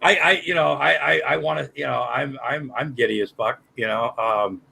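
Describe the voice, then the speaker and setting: A man's voice: mid-range voice, normal speed, creaky, pushed and bright, breathy edge, rough recording. An older man on a livestream chat, rambling and cursing with many restarts. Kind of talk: casual chat.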